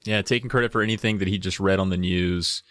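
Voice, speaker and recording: A man co-hosting a movie podcast, trading jokey asides and quick reactions in casual banter. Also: deep voice, fairly even intonation, fairly bright tone, no echo, studio quality. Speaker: podcast co-host.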